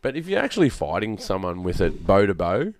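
A man's voice: sits low, sing-song, a little fast, a little hiss or hum. A young adult man hosting a casual podcast chat, laid-back and rambling, full of fillers. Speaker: podcast host.

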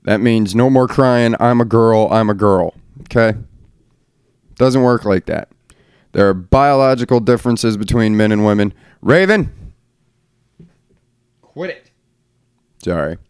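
A man's voice: fairly low pitch, normal speed, darkish tone, smooth, no echo, studio quality. A middle-aged man hosting a solo podcast from a room at home, talking bluntly and ranting with plenty of swearing. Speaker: podcast host. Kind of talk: casual solo podcast rant.

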